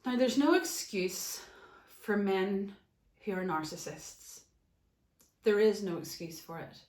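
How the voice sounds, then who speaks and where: A woman's voice: medium pitch, lively intonation, slow, a little mellow, echoey room. A woman life coach and podcast host speaking off the cuff in an earnest, emphatic way. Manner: earnest, emphatic, gets emotional at times. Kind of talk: unscripted podcast monologue.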